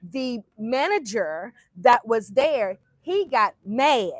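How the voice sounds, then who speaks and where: A woman's voice: fairly high pitch, big pitch swings, slow, no echo. A woman telling a faith testimony as a motivational speaker, emphatic and bold, talking straight to her listeners.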